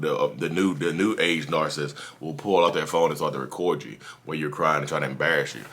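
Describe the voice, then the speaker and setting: A man hosting his own channel, talking through advice in a casual, animated monologue, repeating himself and restarting sentences. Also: extremely low pitch. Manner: animated, repetitive, restarts sentences, acts out quotes. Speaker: YouTube channel host.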